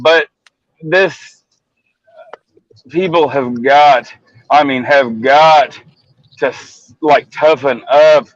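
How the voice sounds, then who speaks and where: A man's voice: on the high side, drawn-out words, pauses often, no room sound. A man in casual livestream chat, talking bluntly and profanely, rambling with many restarts. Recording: muffled dry lo-fi audio.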